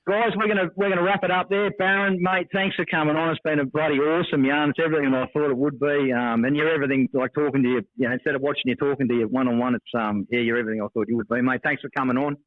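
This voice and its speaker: A man's voice: mid-range voice, fairly even intonation, racing, few pauses, phone-quality sound. An Australian man co-hosting a podcast in casual chat, eager and matey, repeating himself. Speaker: podcast co-host.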